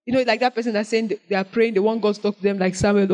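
Woman preacher, sermon, animated, fairly high voice, loud bursts then soft prayer. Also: fast talker, hardly any pauses, low-quality recording. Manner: animated, swings between loud exclamations and soft prayerful lines.

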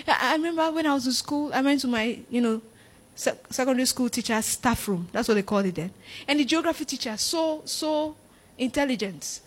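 A high-pitched woman preaches a sermon. She is animated and laughs often. She acts out the voices of the disciples as she goes.

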